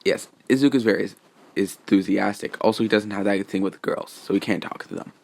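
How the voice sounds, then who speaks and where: Male fan narrator, rambling casual retelling, lowish voice. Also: a little fast, vocal fry. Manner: rambling, filler-heavy.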